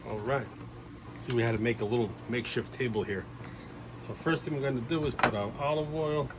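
A man in an easygoing, chatty home-cooking video, pitched in an ordinary middle range. He talks viewers through the steps with frequent fillers and little asides. The audio is caught on the filming camera outdoors, with clear background noise behind him. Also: steady tone, fairly quick. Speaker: home cook showing a recipe. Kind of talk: casual cooking demonstration. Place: kitchen, then an outdoor backyard grill.

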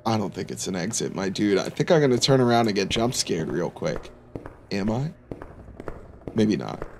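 A man's voice: fairly low pitch, big pitch swings, normal speed, darkish tone, a little hiss or hum. A man commentating a horror game as he plays, jokey, reacting aloud and laughing often. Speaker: gaming YouTuber.

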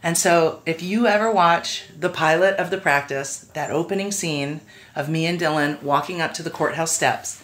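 A middle-aged woman on a podcast, telling an anecdote with lively voiced-out quotes as the interview guest. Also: normal speed. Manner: acts out quoted voices, swings pitch widely.

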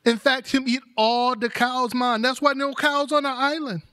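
A man voicing a fearful male island villager, warning in hushed, urgent tones. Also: extremely high pitch, steady tone, normal speed, pitched above the performer's own voice.

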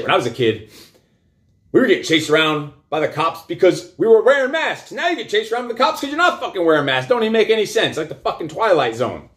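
Fired-up man ranting profanely. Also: sits high. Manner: loud, emphatic, swears constantly, repeats phrases for punch. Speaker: coach and show host. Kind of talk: profane motivational rant.

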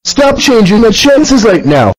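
Guy doing a super high squeaky mad dinosaur, voice bouncing all over, dry close sound, nagging nonstop. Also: sing-song, a little slow, breathy edge, no room sound, exaggerated voice, low-quality recording. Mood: furious. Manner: scolding, repeats threats. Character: angry purple dinosaur, male, fed up.

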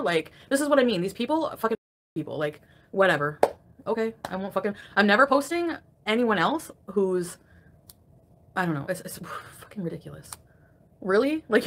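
A woman at home on a live stream, irritated and crabby. Her voice sits at an ordinary middle pitch, and she swings from low grumbles to loud, swearing outbursts as she vents. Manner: angry, profane venting with sharp loud outbursts. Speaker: livestreamer. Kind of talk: ranting live stream chat.

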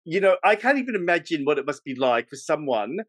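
A man hosting a podcast, asking probing questions in a lively, filler-heavy conversational way. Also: fairly high pitch, quick pace, no echo, clean studio sound. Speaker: podcast host. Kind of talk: interview conversation.

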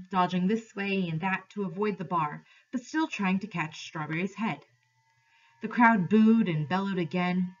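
Husky-voiced woman teacher reading aloud. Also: on the low side, muffled recording. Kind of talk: reading a novel aloud to a class.

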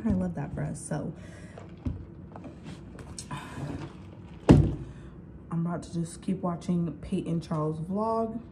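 A young woman with a drawl talks straight to the camera at home, loose and slangy and never holding back while she vents. Her voice sits low for a woman, and steady household noise runs clearly behind her. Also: takes it slowly, long pauses. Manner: candid, slangy, venting with heated retelling. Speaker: vlogger working from home. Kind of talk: casual vlog chat.

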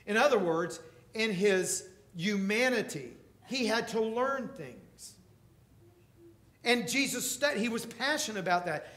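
A male pastor preaching a sermon, emphatic, swinging between loud passages and quiet ones. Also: sits high, expressive, unhurried, reverberant. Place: church.

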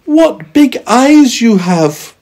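A wide-eyed, innocent storybook girl with a squeaky falsetto, as a man reading aloud puts her on. Her lines are high and full of wonder, and each one is drawn out. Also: sing-song, very slow, a little mellow, heavily acted.

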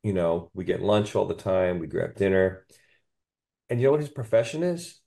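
Low, gravelly-voiced man telling a story. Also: animated, normal speed, warm tone. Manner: enthusiastic, peppers speech with "you know" and "okay?". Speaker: chiropractor guest. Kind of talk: storytelling in a podcast interview.

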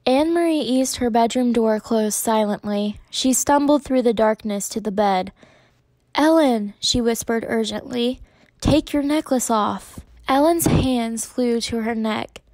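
A woman's voice: fairly high pitch, unhurried, few pauses, darkish tone, dry recording. A woman teacher reading a chapter book aloud to her class, giving the characters light voice shifts. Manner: gives the characters small voice shifts, mostly in her own voice. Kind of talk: read-aloud storytelling.

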